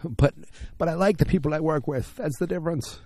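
A man's voice: on the high side, fairly quick, a little mellow, no echo. A man casually recapping a TV episode in a rambling, conversational way, acting out the characters' lines.

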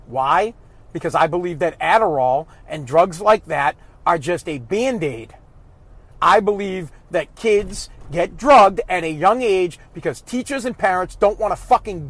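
A man's voice: high-pitched, fairly bright tone. A father ranting bluntly about raising kids, swearing heavily and raising his voice as he talks. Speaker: father giving opinions. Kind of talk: profane ranting monologue.

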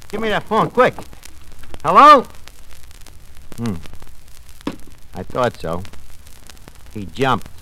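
Wisecracking New radio comic. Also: male voice, medium pitch, wildly swooping pitch. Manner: fast-talking wisecracker mangling big words. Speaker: tavern manager and host of a radio comedy. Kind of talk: 1940s radio comedy acting. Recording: noisy old radio broadcast.

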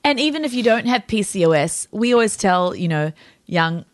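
A woman's voice: mid-range voice, expressive, normal speed, dry recording, clean studio sound. A woman from Australia co-hosting a podcast, talking playfully and with emphasis. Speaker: podcast co-host. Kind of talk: casual chat.

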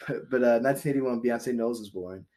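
A man's voice: mid-range voice, fast talker, warm tone. A man co-hosting a casual podcast, reading out history facts in a loose, joking way with frequent laughs and swearing. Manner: laid-back, reads date facts, swears, laughs often. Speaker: podcast co-host.

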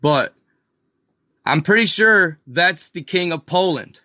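A male video host gives casual screen-share commentary, slowly and unhurriedly walking viewers through pictures. His voice is bright and a little high for a man, recorded dry and close. Excited and incredulous, he keeps pointing things out and calling his audience y'all.

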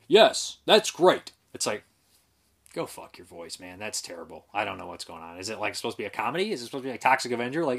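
A man giving a casual spoken movie review, rambling and frank, with lots of fillers and some swearing. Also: medium pitch.

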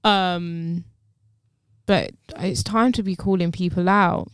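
A woman's voice: on the low side, fairly even intonation, slow pace, clear, resonant tone, no echo, clean studio sound. A young woman chatting casually and bluntly, swearing freely as she tells a story. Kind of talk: casual chat.

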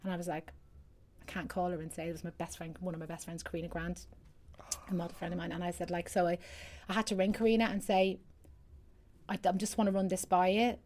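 A woman's voice: lowish voice, level tone, fast talker, long pauses, a little mellow. A middle-aged Irish woman, a singer guest, telling rambling stories in casual chat with lots of restarts. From Ireland. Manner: chatty, rambling storyteller with many restarts.

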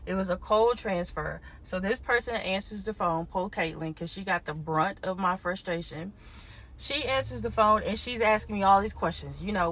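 A woman podcast host telling a frustrating story in a casual, animated way, talking straight to her listeners. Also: medium pitch, moderate pace. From Houston. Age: adult parent.

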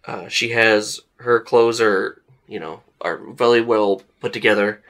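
A young man with a fairly low voice narrating a tabletop role-playing session as game master. He describes scenes in a relaxed, conversational way, padding his sentences with "like" and "uh". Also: measured pace. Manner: casual, lots of "like" and "uh" fillers.

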